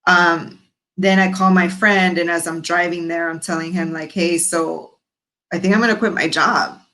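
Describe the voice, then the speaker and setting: A woman's voice: on the low side, steady tone, normal speed, pushed and bright, poor audio. A woman guest in her thirties on a podcast, telling her story frankly and expressively, acting out the voices of people she quotes. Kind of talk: candid storytelling interview.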